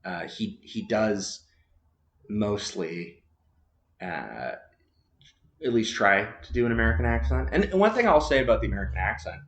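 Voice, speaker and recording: Rambling low-voiced man in an echoey room. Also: very animated, moderate pace, long pauses, fairly bright tone. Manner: rambling, hesitant, many fillers and restarts. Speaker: podcast host. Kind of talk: casual movie chat.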